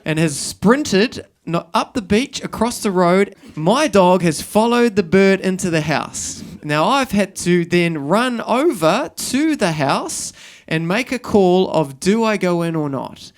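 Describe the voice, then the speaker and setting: A middle-aged man with a New Zealand accent performs stand-up on a live stage, his voice sitting a little higher than most men's. He rambles through self-deprecating stories and acts out the scenes, sometimes jumping into a shout. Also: lively intonation, slow pace. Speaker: stand-up comedian. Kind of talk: stand-up storytelling. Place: stage at a live comedy show.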